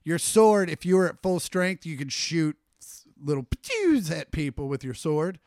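Man, fairly high voice, podcast co-host, loose profane joking, dry close sound. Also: sing-song, moderate pace, darkish tone, no echo. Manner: jokey, loose and profane, reading listener mail aloud. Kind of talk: casual podcast chat.

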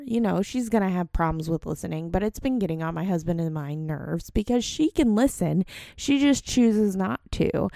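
A young woman with a gravelly, creaky voice, recorded close and dry with no room sound. She tells a personal story in a loose, rambling way. She is candid and laughs at her own faults as a mom. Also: on the low side, dark tone, dry recording. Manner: rambling, candid, self-deprecating. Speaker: mom vlogger.

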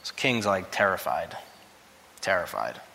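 A man's voice: mid-range voice, normal speed. Man preaching in a reverberant hall. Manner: storytelling, rising to loud emphatic quoting. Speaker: pastor. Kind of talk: sermon.

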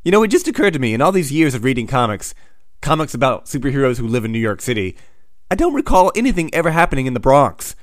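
A man recapping comics with dry, sardonic asides. His delivery swings lively up and down. The recording is dry and close. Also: mid-range voice, fast, no echo. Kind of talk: sarcastic comic recap narration.

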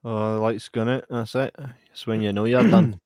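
A man's voice: lowish voice, fairly even intonation, moderate pace, dark tone, no echo, studio quality. A man hosting a casual watch-along, reading out viewer comments and laughing often. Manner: laid-back, laughs often.

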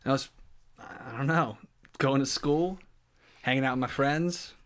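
A man's voice: medium pitch, measured pace. Man tossing in dry quips. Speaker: podcast co-host. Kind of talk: casual comedy chat.

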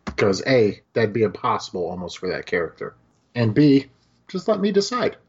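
A man co-hosting a casual film podcast, talking with animated energy, swearing freely and acting out lines from scenes. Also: fairly low pitch, normal speed, breathy edge, lo-fi sound. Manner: animated, swears, acts out quotes. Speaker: podcast co-host.

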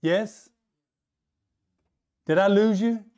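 A man delivering a sermon in a somewhat high voice. He builds up to a higher, louder pitch when stressing a point and draws out his key lines slowly. He acts out what people might say and keeps asking his listeners for replies. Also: muffled recording. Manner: acts out quoted voices and asks the crowd for replies. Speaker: pastor.

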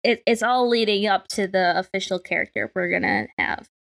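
A woman's voice: mid-range voice, a little fast, vocal fry, a bit bright, slight background noise. A woman player talks casually in a mid-range voice, chatty and loose, with plenty of fillers and little laughs between her ideas. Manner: chatty, lots of fillers, giggly. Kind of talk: casual chat while playing.

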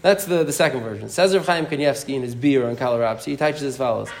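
A man teaching an informal Talmud class, telling the story in a rapid, animated way and often restarting his sentences. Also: mid-range voice, creaky. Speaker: Torah teacher.

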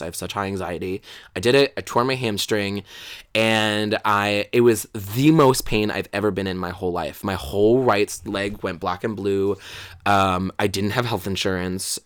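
A man's voice: lowish voice, fairly bright tone, smooth, dry recording. Chatty young man, dry close sound. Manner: chatty storytelling, acts out quotes, many fillers. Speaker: drag performer and guest. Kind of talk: casual interview chat.

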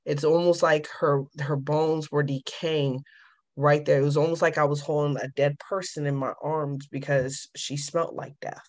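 A woman's voice: low-pitched, fairly even intonation, normal speed, darkish tone. A woman recounting her past in an interview, telling it with emphasis and acting out both sides of the dialogue. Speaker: guest. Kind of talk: personal testimony in an interview.

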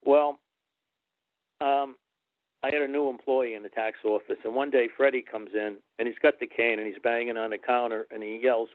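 As an interview guest, a man who once refereed wrestling shares anecdotes, voicing the people he quotes in character. He speaks at a moderate pace in a mid-range voice, recorded dry with no echo on a tinny, phone-like line.

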